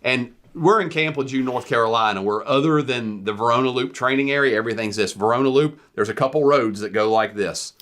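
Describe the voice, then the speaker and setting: A man co-hosting a podcast, telling profane, animated stories about his time in the military in a casual chat. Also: medium pitch, a little fast, few pauses. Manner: profane, animated war storyteller. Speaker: podcast co-host.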